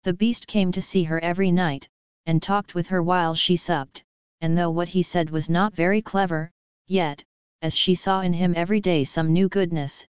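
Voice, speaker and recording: Clear, low-voiced woman narrating a fairy tale. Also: steady tone, normal speed, no room sound, muffled recording. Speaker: audiobook narrator. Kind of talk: storybook narration.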